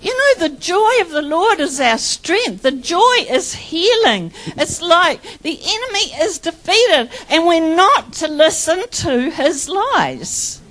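A woman's voice: very high-pitched, very animated, slow pace, hardly any pauses, a bit bright, poor audio. An older woman sharing her personal faith testimony in a fervent, chatty way, laughing often and acting out quotes as she tells her story. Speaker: church member sharing testimony.

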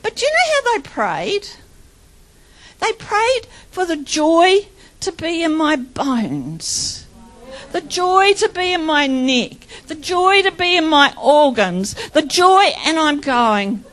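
Fervent older woman sharing testimony, high-pitched. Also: big pitch swings, takes it slowly, fairly bright tone, rough recording. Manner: fervent, chatty, breaks into laughter; storytelling with acted-out quotes. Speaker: church member sharing testimony. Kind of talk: personal testimony.

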